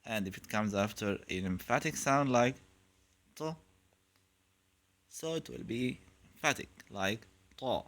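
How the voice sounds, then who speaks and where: A man teaching pronunciation in a clear instructional style, drilling sounds in repeated pairs. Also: medium pitch, animated, measured pace, pauses often, fairly bright tone. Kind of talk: slow, clear instructional lesson.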